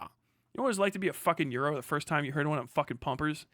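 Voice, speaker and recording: A man's voice: on the high side, rapid-fire, a bit bright, no echo, studio quality. Profane, laughing young American man. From United States. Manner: profane, laughing, sarcastic rants. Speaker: livestream host. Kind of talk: casual livestream commentary.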